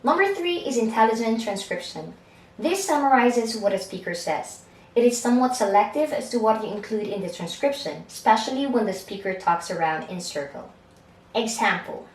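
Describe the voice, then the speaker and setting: A woman talks through a scripted lesson, upbeat and playful, tossing in quick asides. Her voice sits a little high. The room gives it a roomy echo. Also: animated, darkish tone. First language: Filipino language. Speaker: freelancing tutor. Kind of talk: scripted tutorial narration.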